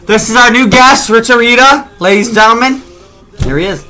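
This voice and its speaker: A man hosting a rowdy, casual podcast, loud and profane, often shouting and laughing. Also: very high voice, brisk. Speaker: podcast host. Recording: music playing behind.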